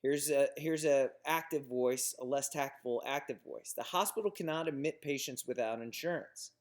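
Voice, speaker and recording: A man giving a recorded lecture on business writing. His voice sits at an ordinary middle pitch. He talks through examples plainly, stumbling and restarting now and then. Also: normal speed. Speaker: instructor.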